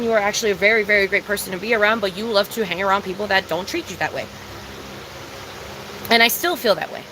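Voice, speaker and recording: A woman's voice: a little high, bright, forceful tone, slight background noise, low-quality recording. A young woman talking to her live-stream viewers in a casual, confessional way, emphatic and full of swearing and repetition. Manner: confessional and emphatic, heavy swearing, repeats herself. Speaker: livestreamer.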